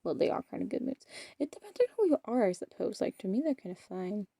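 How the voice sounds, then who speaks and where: While gaming on a casual vlog, an eighteen-year-old woman chats in a rambling, self-deprecating way, her words often fading into mumbles. She talks quickly at medium pitch with big pitch swings, vocal fry, a mellow tone, and a breathy edge, in clean studio sound with no room sound.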